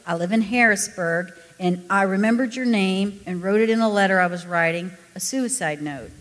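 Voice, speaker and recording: A woman's voice: medium pitch, normal speed, in a large hall, lightly acted. A woman reading aloud and voicing a desperate, tearful woman calling a stranger, speaking nervously and pleadingly.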